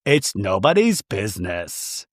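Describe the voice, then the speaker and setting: Man doing a low, drawling, defensive woman. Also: big pitch swings, takes it slowly, no echo, studio quality. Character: haughty, evasive woman boasting about owning a horse.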